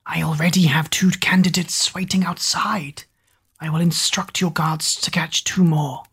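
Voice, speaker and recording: Whispered role-play: woman as sly lizard manservant, oily and grovelling, husky hush. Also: sits low, fairly even intonation, heavily acted. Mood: fawning. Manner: hissing whisper, slow and oily. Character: fawning male lizard servant, sly and grovelling.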